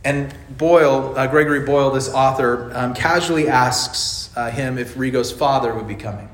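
A man's voice: mid-range voice, moderate pace, fairly bright tone, roomy sound. A man preaching a sermon, telling a story and asking the congregation rhetorical questions. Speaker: pastor.

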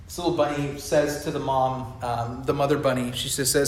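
A man preaching an emphatic sermon to his congregation, building to loud fervor. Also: medium pitch, little pitch movement, normal speed. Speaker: pastor. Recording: echoey church hall.

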